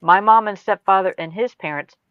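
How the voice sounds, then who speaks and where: A woman's voice: mid-range voice, fairly quick, no echo, narrow, tinny audio. A middle-aged woman with an Ohio accent, telling stories in a wry, matter-of-fact way during a casual chat.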